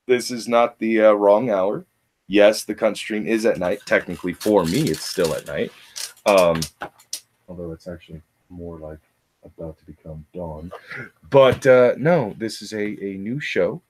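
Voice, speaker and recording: Low-voiced rambling male stream host. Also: unhurried, husky. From North America. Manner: rambling, laughing, many fillers. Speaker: host of a morning stream show. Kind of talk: casual banter on a livestream.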